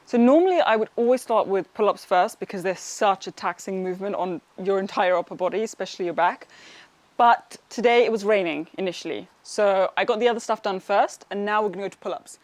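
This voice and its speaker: A woman's voice: medium pitch, a little fast, a little mellow. A young woman fitness vlogger chats through her home workout, upbeat and encouraging. She teases herself lightly and talks to her viewers like friends. Part of the session is recorded outdoors. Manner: chatty, upbeat, encouraging, self-teasing. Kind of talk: casual motivational workout vlog.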